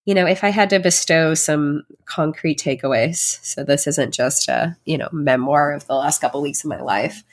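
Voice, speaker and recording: With a low voice at normal speed and few pauses, a pregnant podcast host talks on her personal solo show. Her tone is heartfelt and reflective, casual and filler-heavy.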